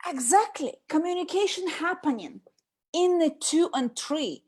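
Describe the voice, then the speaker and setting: High-voiced woman, animated chat, acts out nagging bits. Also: a little slow. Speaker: host. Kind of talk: casual talk on communication.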